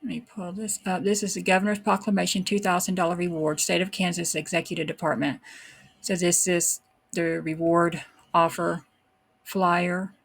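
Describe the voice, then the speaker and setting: Reading old texts aloud on her true crime show, this host follows them with casual remarks that sound uncertain. She speaks at a moderate pace in a lowish, gravelly, slightly rough voice with flat delivery.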